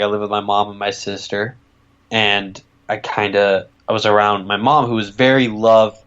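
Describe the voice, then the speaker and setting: Low-voiced young man, rambling, swearing. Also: a bit bright, highs cut off. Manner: rambling, swears freely, storytelling. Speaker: podcast co-host. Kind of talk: casual chat.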